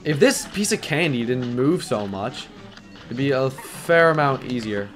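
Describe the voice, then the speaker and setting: Excitable man narrating his gameplay. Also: mid-range voice, a little slow, soft background music. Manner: excitable, yells when stressed; rambling, filler-heavy. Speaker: gaming YouTuber. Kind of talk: live gameplay commentary.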